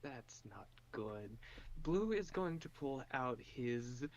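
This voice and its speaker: A man's voice: medium pitch, sing-song, takes it slowly, a little mellow, highs cut off. A man playing a tabletop game over voice chat, saying in short plain lines what his character does. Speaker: player.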